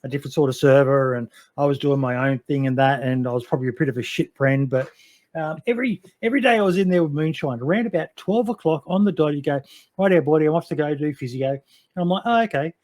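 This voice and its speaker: A man's voice: medium pitch, quick pace, a little mellow. A middle-aged man in casual podcast chat, rambling and swearing freely as he tells fond stories about a friend.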